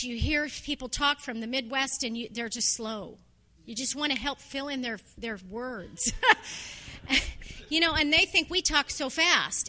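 Woman preacher, high and bright voice, chatty earnest sermon. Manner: conversational, storytelling, earnest.

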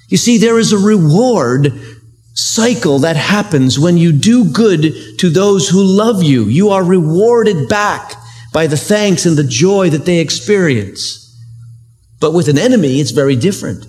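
A male pastor delivers a sermon in an earnest, conversational way, leaning on everyday examples. His voice sits a little higher than most men's. Faint music plays beneath his words. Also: animated, moderate pace, a little mellow. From United States.

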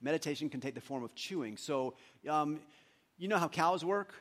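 A man's voice: on the high side, moderate pace. A male pastor preaching a sermon on meditation, with joking asides and voices he acts out.

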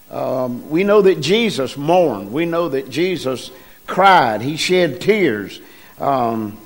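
A middle-aged man preaching a sermon in a folksy, halting way, with frequent ums and slow emphasis on key phrases. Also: a little high.

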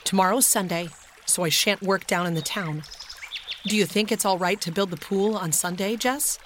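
A woman's voice: medium pitch, moderate pace, fairly bright tone, slight background noise, close to an everyday voice. A woman reading the lines of an earnest, eager boy, the older brother in a children's story.

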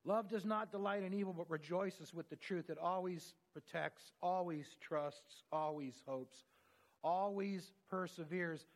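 A man's voice: sits high, unhurried. A man preaching a sermon, telling stories in an earnest, conversational way.

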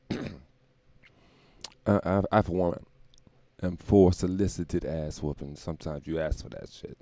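A man's voice: low-pitched, takes it slowly, long pauses, dark tone, no echo. A man hosting a show, riffing in a rambling, irreverent comedic monologue with laughs and profanity. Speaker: podcast host.

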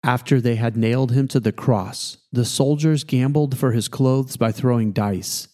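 A man, a pastor, reading scripture aloud in a steady, measured way. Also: medium pitch.

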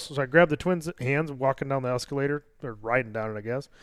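A man in his thirties, a podcast co-host, telling a story in casual chat, swearing and acting out quotes loudly. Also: medium pitch, fast, hardly any pauses, dry recording.

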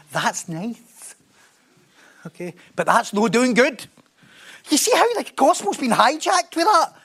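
A man's voice: high-pitched, gravelly, a bit bright. A man preaching a sermon in a conversational way, often laughing and joking at his own expense.

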